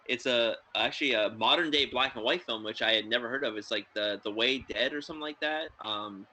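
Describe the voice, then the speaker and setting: A podcast host chats about films with a mid-range voice that runs a little fast. He's excitable and rambling with lots of fillers, and the recording is low quality.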